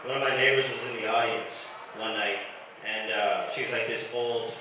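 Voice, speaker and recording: A man doing a live stand-up set in a comedy club, crude and deadpan, chatting with the crowd. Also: lowish voice, normal speed. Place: comedy club stage, heard from afar. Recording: echoey room recorded from a distance. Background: audience noise.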